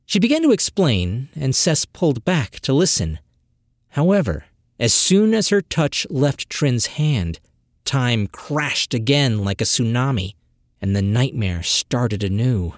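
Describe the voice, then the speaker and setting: A professional narrator reads a fantasy story at an unhurried, measured pace. The pitch rises and falls a lot across the lines. The sound is dry, with no room echo. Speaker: audiobook narrator.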